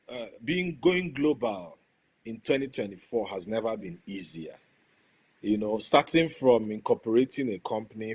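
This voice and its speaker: A man, speaking as a guest on an online panel over a video call, measured and pausing with fillers. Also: medium pitch, husky. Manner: measured, many fillers and restarts.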